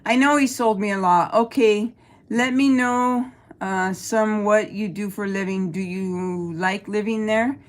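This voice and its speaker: A woman's voice: medium pitch, unhurried. A middle-aged woman from El Paso, Texas, hosting a casual live stream, reading chat aloud and answering bluntly with plenty of swearing. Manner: blunt, profane, talks back to chat. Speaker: livestream host reading chat.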